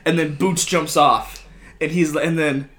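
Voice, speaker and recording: A young man hosting a casual chat, profane and excitable, who tells stories in an animated way. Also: on the high side, measured pace.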